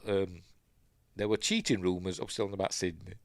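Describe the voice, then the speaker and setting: A man's voice: on the low side, normal speed, no room sound, clean studio sound. A man with a Yorkshire accent hosting a casual live stream, rambling as he reads news and chat comments aloud and adds his own asides. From Yorkshire, England.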